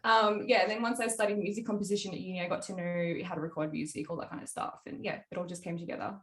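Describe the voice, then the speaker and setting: A woman's voice: lowish voice, steady tone, fast talker. Giggly young woman in an echoey room. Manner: bubbly, laughs often, many fillers. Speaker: music producer guest. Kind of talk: casual interview chat. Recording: roomy echo.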